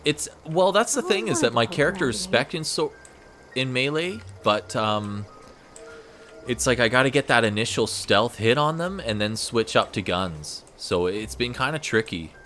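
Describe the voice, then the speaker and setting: A man's voice: medium pitch, animated, normal speed, fairly bright tone. A man giving casual gameplay commentary while he plays, laid-back and thinking aloud, often repeating words. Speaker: gaming streamer. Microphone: USB desk microphone. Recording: game music under the voice. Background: game music.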